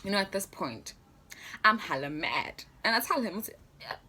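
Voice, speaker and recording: A woman's voice: medium pitch, big pitch swings, moderate pace, pushed and bright, slightly rough. A young adult woman telling a story in a casual vlog, chatty and laughing often, with plenty of fillers. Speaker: vlogger.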